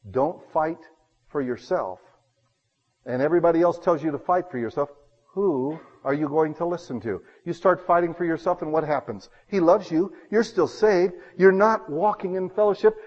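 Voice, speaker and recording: A man preaching a sermon, telling homey stories and swinging between loud bursts and hushed asides. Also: high-pitched, big-room sound, muffled recording.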